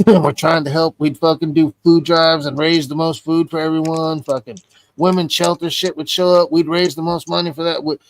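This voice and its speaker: Man, stream host, casual profane storytelling, slightly high voice, dry close sound, acts out quotes. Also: little pitch movement, moderate pace, no echo.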